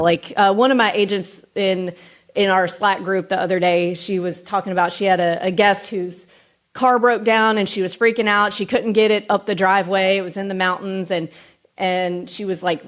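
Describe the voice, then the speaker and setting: A woman talking as a guest on an interview show. Her voice sits at an ordinary middle pitch. She tells stories in a relaxed, chatty way, with frequent filler words running through her sentences. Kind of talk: casual chat.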